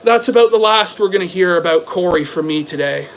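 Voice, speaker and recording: A man's voice: high voice, expressive, normal speed, long pauses, slight background noise, rough recording. A man ranting on a livestream: combative, sarcastic and profane, firing off repeated rhetorical questions. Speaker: livestream commentator. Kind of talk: ranting stream commentary.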